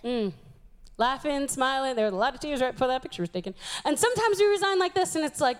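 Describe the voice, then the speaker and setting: A woman in her twenties giving an animated sermon, acting out the voices she quotes. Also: high voice, fast talker. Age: 20s.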